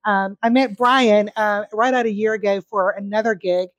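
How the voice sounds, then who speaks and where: A woman's voice: medium pitch, fairly even intonation, normal speed, dry recording. Woman host, chatty and upbeat, dry close sound. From North Carolina. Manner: chatty, enthusiastic, frequent "like" and "you know". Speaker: podcast host. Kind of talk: casual interview chat.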